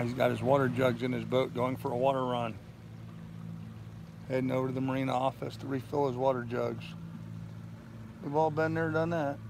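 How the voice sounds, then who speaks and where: A man's voice: medium pitch, creaky, noisy background. An older man chatting casually on a live stream from his boat in a bay, telling rambling stories. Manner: rambling storyteller. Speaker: sailing vlogger.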